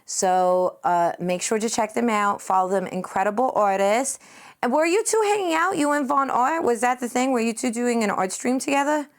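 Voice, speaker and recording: A young woman streaming live while she paints, chatting casually with her viewers in a giggly, playful way and reading their messages aloud. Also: moderate pace. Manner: giggly, playful, reads chat aloud and jumps in pitch.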